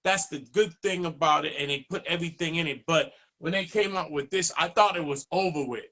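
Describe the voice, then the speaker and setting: A man tells stories as a DJ guest in a relaxed interview. His voice sits a bit high and bright, and it jumps up when he plays out other people's lines. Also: fairly quick. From Boston, USA. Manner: animated, acts out dialogue in raised voice. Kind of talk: casual storytelling interview.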